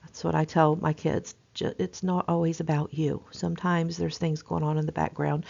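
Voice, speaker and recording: A woman's voice: low-pitched, expressive, normal speed, gravelly, hardly any pauses, a little mellow, highs cut off. A middle-aged woman nursing instructor giving a recorded lecture in a conversational, emphatic way, with frequent fillers.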